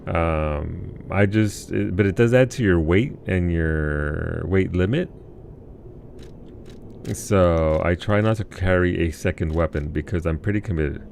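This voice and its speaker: Man, deep voice, casual live-stream chatter, answers chat between plays, desk mic, faint hiss. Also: measured pace, vocal fry, a little mellow.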